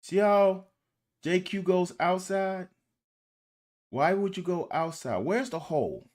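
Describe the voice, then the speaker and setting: Man, casual football film commentary, exasperated coaching critique, swears, talks to viewers, slow-paced delivery. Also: sits high, darkish tone. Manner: addresses viewers directly as "y'all". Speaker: football film breakdown host.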